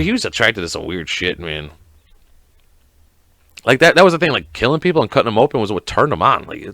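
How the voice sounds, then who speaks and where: A man's voice: medium pitch, a bit bright, dry recording. A man hosting a casual solo podcast, rambling and swearing a lot and acting out scenes in quoted voices. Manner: rambling, profane, lots of fillers. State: sick. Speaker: podcast host.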